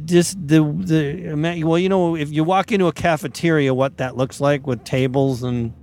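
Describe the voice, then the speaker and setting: Laughing Minnesotan comedian telling stories. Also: male voice, a little high, steady tone, moderate pace, darkish tone, slight background noise. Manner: laid-back storyteller, laughs often. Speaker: comedian guest. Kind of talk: casual interview chat.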